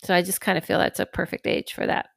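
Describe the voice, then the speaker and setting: A woman hosting a podcast in casual chat, rambling with lots of fillers and lively acted-out quotes. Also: on the low side, fast, creaky, dry recording, studio quality. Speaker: podcast host.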